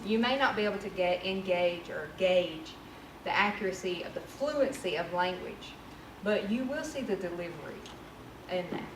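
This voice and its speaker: A woman's voice: on the low side, expressive, normal speed. Woman, trainer, candid workshop talk, far-off mic, roomy echo. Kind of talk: workshop presentation. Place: training room. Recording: echoey room from far off with noise.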